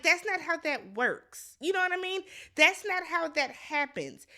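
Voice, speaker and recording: A woman's voice: sits high, bright, forceful tone. A woman giving a blunt, exasperated casual recap commentary, talking straight to the viewer. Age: adult. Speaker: recap vlogger.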